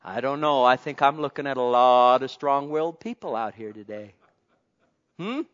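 A man preaching a sermon, calling out to the congregation and swinging between soft pleading and loud, impassioned exclamation. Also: medium pitch, lively intonation, normal speed. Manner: calls out to the congregation. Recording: dull lo-fi sound.

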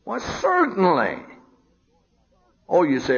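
Pausing often at a measured pace, an older preacher delivers an animated sermon in a husky voice, swinging from low murmurs to high emphatic bursts. It's captured on a dull, lo-fi recording.

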